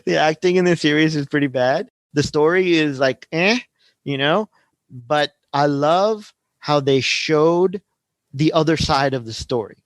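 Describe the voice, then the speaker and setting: A man's voice: fairly high pitch, a little slow, no room sound. A man in his forties hosting a podcast, talking casually and rambling through a story, often adding "right?". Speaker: podcast host. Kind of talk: casual teaching talk.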